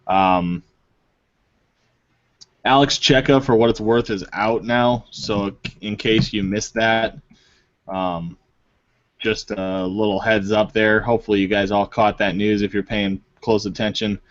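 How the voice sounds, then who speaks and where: A man's voice: fairly low pitch, steady tone, a little slow, no echo. Casual man on a dull lo-fi call. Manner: loose, swears casually, jokey. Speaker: podcast host. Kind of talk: casual fantasy golf chat. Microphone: online call mic. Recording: dull lo-fi online call audio.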